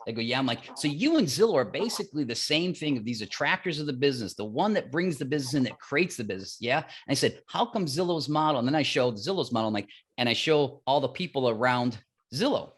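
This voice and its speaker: A man as a guest on a podcast interview, explaining his business with animated stories and acted-out dialogue, often repeating phrases for emphasis. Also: mid-range voice, slightly rough. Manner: animated storytelling, acts out dialogue. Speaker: mortgage platform guest.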